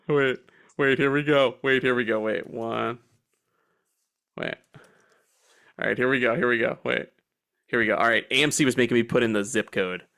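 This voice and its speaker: A young man co-hosts a movie podcast in casual chat, swearing freely, laughing often, and acting out quotes in silly voices. His medium-pitched voice is creaky, pushed, and bright, at normal speed with frequent pauses.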